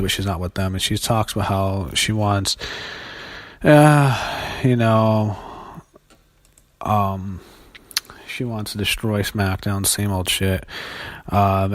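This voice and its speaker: A young man giving a casual solo review of a wrestling show, blunt and profane, with many fillers and restarts. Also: sits low.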